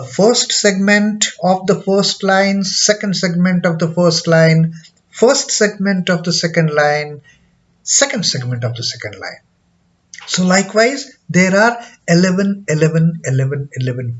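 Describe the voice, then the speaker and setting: A man with an Indian English accent explaining a scripture lesson, hesitant with many fillers and repeats, chanting verses slowly. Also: on the high side. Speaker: scripture teacher. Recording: dull lo-fi recording.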